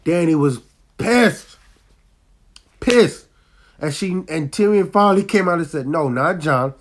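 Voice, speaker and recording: Hyped-up man recapping a TV episode. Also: normal speed. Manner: excitable, slangy, repeats 'bruh', bursts loud and high when hyped. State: sick, occasional cough. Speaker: TV episode reviewer. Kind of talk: casual recap and review.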